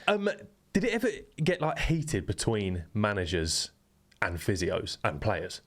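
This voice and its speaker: A man's voice: on the low side, wildly swooping pitch, unhurried. A man hosting a casual podcast interview, asking short curious follow-up questions. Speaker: podcast presenter.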